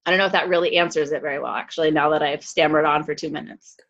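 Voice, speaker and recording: A woman's voice: low voice, steady tone, racing, fairly bright tone. Hesitant woman guest, muffled lo-fi video call sound. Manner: hesitant, lots of ums and restarts. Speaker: guest coach. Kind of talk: casual interview answer.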